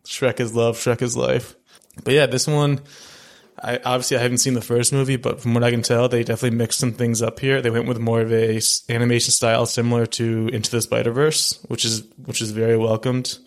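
A man's voice: medium pitch, level tone, brisk. A young man chatting casually about a film he saw, rambling with lots of fillers and restarts. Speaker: film podcast co-host. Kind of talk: casual film review chat.

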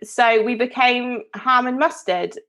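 A woman's voice: fairly high pitch, slow, a bit bright. A woman from Devon co-hosting a podcast, telling a story in a chatty, casual way with lots of fillers and restarts. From Devon, England. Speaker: podcast co-host. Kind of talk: casual chat.

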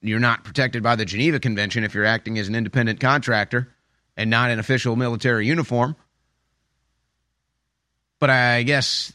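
A man's voice: medium pitch, steady tone, fairly quick, bright, forceful tone, no echo, clean studio sound. A man giving an opinion commentary monologue, emphatic and sarcastic, with a habit of repeating phrases for effect. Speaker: political commentator.

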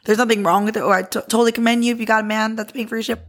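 A woman podcast host telling a personal story in a casual, candid, heavily profane way, animated and lively. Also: a little high, rapid-fire.

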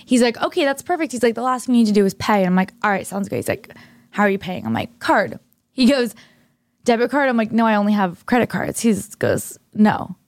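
A woman's voice: mid-range voice, sing-song, a little fast, dry recording. A young woman co-hosting a podcast, telling a story in casual chat and acting out both sides of the conversations. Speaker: podcast co-host.

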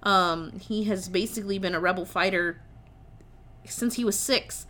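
A woman's voice: mid-range voice, moderate pace, pushed and bright. A woman co-hosting a casual chat, enthusiastic and rambling with fillers as she talks about a movie.

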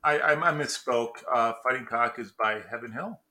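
A man's voice: mid-range voice, normal speed, sharp tone. A man co-hosting a podcast in casual chat, chatty, often stumbling and correcting himself. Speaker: podcast co-host.

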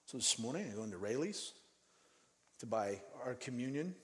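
A man from Denver preaching a sermon in an animated, conversational way, acting out the people he quotes. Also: mid-range voice, moderate pace, big-room sound, a little hiss or hum. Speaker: pastor.

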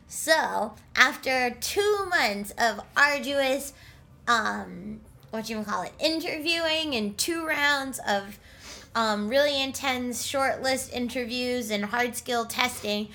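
A woman co-hosting a podcast in lively casual chat. Her voice is bright and forceful, a touch higher than most, and she talks loudly and laughs often. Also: takes it slowly. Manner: loud, laughs often, animated. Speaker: podcast co-host.

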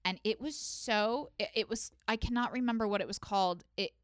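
Woman in her thirties, podcast co-host, clear smooth voice, dry close sound, jokey and loose. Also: a little high, fairly quick, no echo. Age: 30s. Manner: jokey, trailing off and restarting. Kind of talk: casual chat.

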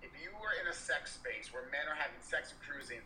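A man with a very bright, forceful voice and a slightly raised pitch co-hosts a candid chat. He rambles and restarts, landing points with blunt emphasis. The sound is echoey, as if taken in an open room. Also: fast talker, a little hiss or hum. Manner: rambling, emphatic and profane, with many restarts and fillers. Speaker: podcast co-host.

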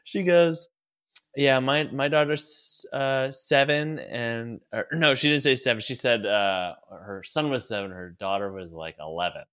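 A young man chatting casually, telling a story with lots of swearing and quick impressions of people he quotes. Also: medium pitch, fairly bright tone, smooth. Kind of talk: casual podcast chat.

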